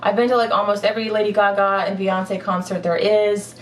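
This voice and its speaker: A young fitness vlogger answers viewer questions in a casual, chatty way, rambling with lots of fillers and little giggles. Her medium-pitched voice is level and fairly quick, recorded from a distant mic in an echoey room with slight background noise.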